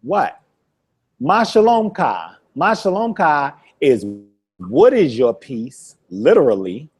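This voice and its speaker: Animated, unhurried male language teacher. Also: a little high, slightly rough. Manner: playful, quizzes the student and laughs often; repeats words slowly for drilling. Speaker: Hebrew teacher. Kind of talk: classroom lesson.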